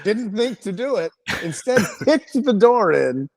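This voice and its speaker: A male comedian, a podcast guest, telling an animated, rambling and profane story with lots of restarts. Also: high-pitched, unhurried, gravelly.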